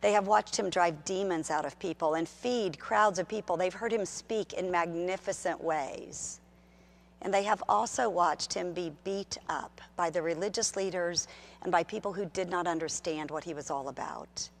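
A middle-aged woman pastor giving a sermon in an animated, conversational storytelling way. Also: lowish voice, moderate pace, vocal fry.

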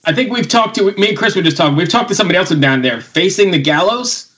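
Chill guy hosting a podcast call, kinda high bright voice, laughs easy. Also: animated, quick pace. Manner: easygoing, laughs a lot, welcomes the guest. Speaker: podcast host. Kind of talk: casual chat.

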